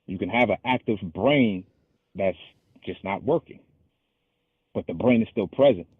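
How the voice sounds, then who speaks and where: A man with a husky voice argues his point in a loose, halting way, often restarting and slowing down to recite scripture. The sound is dry and tinny, as if it came over a phone line. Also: fairly low pitch, no room sound. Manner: argumentative, halting, restarts and slows to quote scripture. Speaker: call-in show host. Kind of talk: casual debate.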